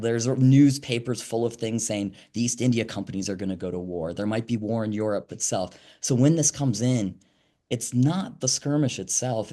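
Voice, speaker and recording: A man's voice: on the low side, gravelly. A man, an author, explaining history in a conversational interview, with frequent "um"s and restarts. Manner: animated explainer, many fillers and restarts.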